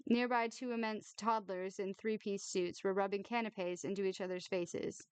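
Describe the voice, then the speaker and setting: A woman reading a novel aloud in a measured, expressive narration. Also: mid-range voice, clean tone, no room sound.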